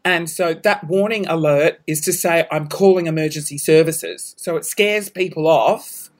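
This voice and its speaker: An Australian man hosting a podcast, telling a story in casual talk, animated, swearing freely and laughing at himself. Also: on the high side, moderate pace. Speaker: podcast host.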